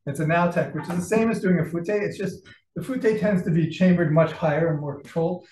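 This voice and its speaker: A fairly high-voiced man teaches a martial arts class, counting off strikes and checking in with his students as he goes. He sounds a bit out of breath. He is picked up from across an echoey gym, with a faint hiss under the sound. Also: fairly quick, darkish tone, recorded from a distance. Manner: calls out combinations, checks in with the class often. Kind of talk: class instruction. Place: training gym.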